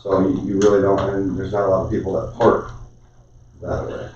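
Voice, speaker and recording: A man's voice: deep voice, monotone, fairly quick, a little mellow, a little hiss or hum. A man speaking at a city council meeting, explaining a point in a plain, patient way with lots of "I mean". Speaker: council member. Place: council chamber. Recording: far-off mic, echoey chamber, dull sound.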